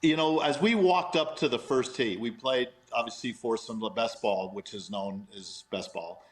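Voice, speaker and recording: A man telling a long anecdote in a lively way, laughing as he goes. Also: medium pitch, normal speed, low-quality recording. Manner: animated storyteller, laughs often. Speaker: guest golfer in a played clip.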